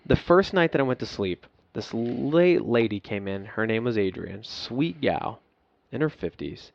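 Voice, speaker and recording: Profane former soldier telling a story. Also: male voice, medium pitch, expressive, a little slow, vocal fry, no room sound, highs cut off. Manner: profane, emotional, laughs at himself. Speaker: podcast guest. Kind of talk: candid storytelling.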